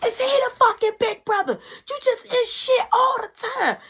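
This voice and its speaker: A furious mother screaming threats at her children, as a woman puts her on. Her voice jumps high and sharp with rage, cracking near a cry, then drops into a slow, menacing growl. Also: animated. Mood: furious yelling. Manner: yelling, cursing threats.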